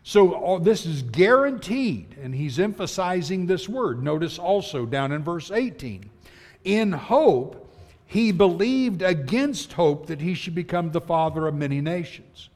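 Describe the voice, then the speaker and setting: Slow earnest preacher in reverberant hall. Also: male voice, fairly high pitch, lively intonation, darkish tone. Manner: earnest, emphatic, reads scripture slowly. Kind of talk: sermon. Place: church auditorium. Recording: long church hall reverb.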